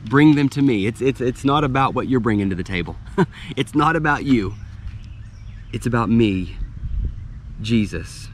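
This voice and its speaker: A middle-aged man delivers a sermon in a relaxed, conversational style, often repeating words as he restarts phrases. His voice sits at an ordinary pitch for a man. A faint hum of noise stays in the background. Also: moderate pace, long pauses. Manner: conversational, with frequent restarts and light laughs. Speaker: pastor.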